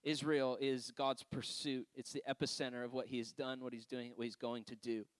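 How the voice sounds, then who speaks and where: A man's voice: mid-range voice, little pitch movement, fairly quick, no room sound. Man preaching in a chatty, laughing way. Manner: conversational storytelling, frequent laughs and asides. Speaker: pastor. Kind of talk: sermon.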